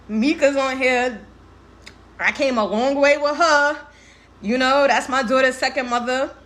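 A woman's voice: sits high, slow, pauses often, a bit bright. A young woman in her twenties hosting a livestream, talking candidly and emotionally, laughing often and swearing freely in heavy slang. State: tearful. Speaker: livestream host. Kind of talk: casual livestream talk.

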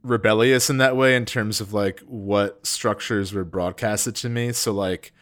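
Low-voiced joking man. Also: unhurried. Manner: animated, jokey, reads passages aloud. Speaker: podcast co-host. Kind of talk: casual book chat.

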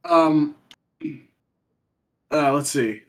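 A man's voice: fairly high pitch, huge pitch swings, extremely slow, gravelly, a bit bright. A man telling a long rambling story in a casual podcast chat, swearing freely and trailing off with ums.

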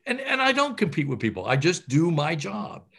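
A man's voice: on the high side, wildly swooping pitch, moderate pace, vocal fry, a bit bright, husky. A middle-aged man, a surgeon, gives career advice in an interview, talking animatedly with many fillers and restarts.

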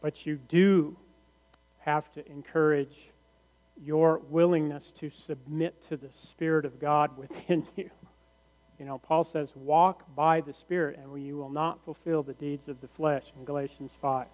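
A male pastor preaching a sermon in a church sanctuary, slow and deliberate, often posing rhetorical questions to the congregation. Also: fairly high pitch, steady tone. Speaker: teaching pastor. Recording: reverberant hall, muffled lo-fi sound.

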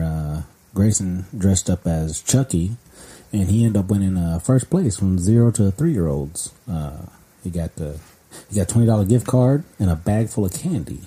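A man co-hosting a podcast, chatting casually in a brisk, matter-of-fact way. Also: low-pitched, expressive, warm tone, breathy edge, rough recording. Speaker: podcast co-host. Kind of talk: casual chat.

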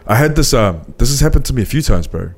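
A man's voice: medium pitch, animated, fast talker. A man from New Zealand with a New Zealand accent, hosting a podcast and telling a personal story casually, with plenty of fillers. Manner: storytelling, lots of "bro" and "um". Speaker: podcast host. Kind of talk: casual chat.

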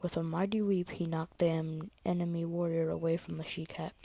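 A woman reading a story aloud in a soft whisper, with small slips and restarts. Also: on the low side, steady tone, brisk, gravelly, no room sound, poor audio.

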